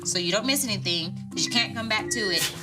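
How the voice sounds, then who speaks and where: A woman's voice: mid-range voice, fast talker. A woman on a reality TV show explaining her habits in a firm, matter-of-fact way. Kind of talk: reality TV interview. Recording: TV clip with music under it.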